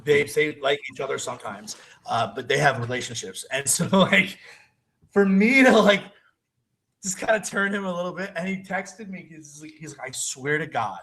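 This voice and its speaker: Male guest, slightly raised pitch, animated anecdote-teller, laughs through lines. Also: normal speed, rough recording. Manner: animated, laughs often mid-story. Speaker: guest wrestler. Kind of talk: casual storytelling chat.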